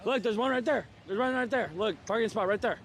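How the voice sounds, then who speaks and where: Excited man hunting parking, distant. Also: sits high, quick pace, a little hiss or hum. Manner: excited, urgent.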